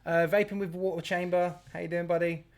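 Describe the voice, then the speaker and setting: A man's voice: high voice, flat delivery, fairly quick, a little hiss or hum. A man hosting a casual live stream, chatty and laughing as he greets viewers by name. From England. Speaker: host.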